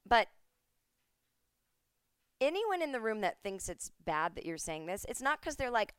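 Smooth-voiced woman ranting with profane sarcasm. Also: mid-range voice, very animated, unhurried, pauses often, no echo, studio quality. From United States. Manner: profane, sarcastic, swings between mumbling asides and loud outbursts. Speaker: podcast host. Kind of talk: comedic rant. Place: at home.

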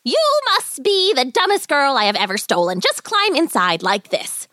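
A woman voicing a cruel, impatient old witch in a bedtime story, with a sharp, shrill, sing-song manner. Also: huge pitch swings, unhurried, no room sound, clean studio sound, heavily acted. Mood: furious shrieking.

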